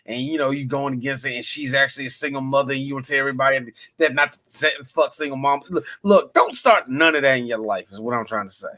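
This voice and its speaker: A man's voice: mid-range voice, sharp tone. Man giving blunt earnest advice. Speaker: podcast co-host. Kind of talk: casual chat.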